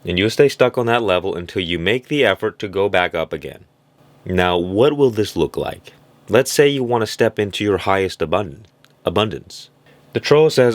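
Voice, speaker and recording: A man's voice: on the low side, animated, moderate pace, no room sound. A man giving a reflective motivational monologue, illustrating his points with little stories and acted-out voices. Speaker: self-help speaker.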